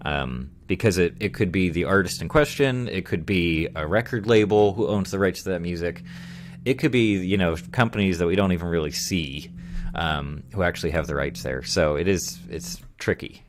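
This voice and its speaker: A man's voice: low-pitched, normal speed, background noise. A male streamer in casual chat, rambling along, reading viewer comments aloud and chuckling often.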